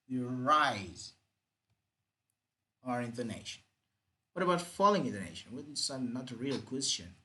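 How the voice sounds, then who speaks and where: A man's voice: mid-range voice, animated, measured pace, pauses often, pushed and bright, poor audio. A man teaching English grammar, repeating example sentences with exaggerated rising and falling intonation. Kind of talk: grammar lesson.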